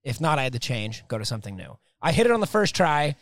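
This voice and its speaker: A man's voice: medium pitch, quick pace, no echo. A man who brews the beer explaining it and bantering in casual podcast chat at a taproom. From farm town. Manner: explains with fillers, lively banter. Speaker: brewer. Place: brewery taproom.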